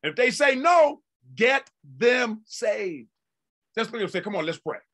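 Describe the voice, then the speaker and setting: Delivering a sermon, this male pastor keeps a folksy, chatty tone, then breaks into shouts and stretched-out emphasis. He sounds very high-pitched and sing-song.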